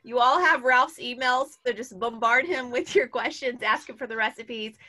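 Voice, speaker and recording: A woman hosting a parenting webinar, enthusiastic and quick to react, thanking guests and announcing the next session. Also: a little high, pushed and bright.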